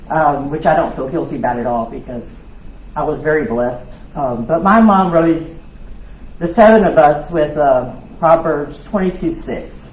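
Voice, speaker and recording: A woman, giving a loud, lively personal testimony at a women's conference. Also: sits low, unhurried. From South Louisiana. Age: 60s. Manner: loud, lively storytelling with laughs and acted-out voices. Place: church hall. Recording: echoey hall with faint noise.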